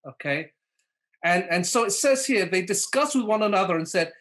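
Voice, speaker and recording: A man's voice: sits high, lively intonation, moderate pace, fairly bright tone. A man preaching a sermon at a live online church service. He checks in with "okay?" and "all right?" after nearly every point, calls on listeners by name and acts out the quoted lines.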